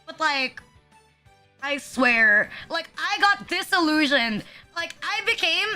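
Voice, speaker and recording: Very high bright streamer ranting. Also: female voice, animated, slow pace. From Philippines. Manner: ranting, heavy use of "like", profane. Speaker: VTuber streamer. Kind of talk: casual chat. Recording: music playing behind.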